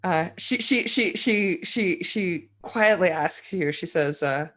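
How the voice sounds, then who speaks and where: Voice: mid-range voice, slow, sharp tone. A game master narrating a tabletop game scene, with many fillers and restarts. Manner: hesitant, filler-heavy narration.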